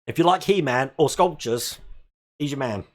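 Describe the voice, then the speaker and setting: A man's voice: mid-range voice, lively intonation, normal speed. A man in his forties from England, hosting a live stream and chatting casually while reading viewer comments, laughing often. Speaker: host.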